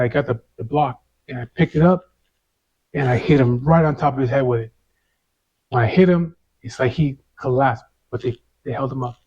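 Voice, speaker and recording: Male interviewee, mid-pitched, casual slang-heavy storyteller, slightly dull recording. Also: a little mellow. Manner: casual street slang, swears, constant "you know". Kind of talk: first-person storytelling.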